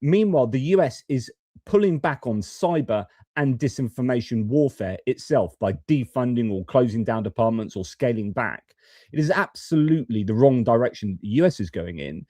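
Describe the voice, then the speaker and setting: A man's voice: mid-range voice, animated, normal speed, mellow, dry recording. A man hosting a geopolitics live stream from his home studio, talking in a chatty, opinionated way with frequent fillers.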